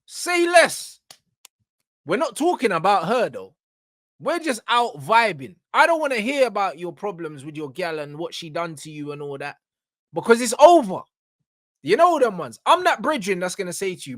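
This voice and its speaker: A man's voice: high voice, very animated, normal speed, dry recording, studio quality. A man with a London accent hosting a reaction show, ranting emphatically in street slang and checking in with his listeners again and again. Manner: emphatic, street slang, keeps asking "you get me".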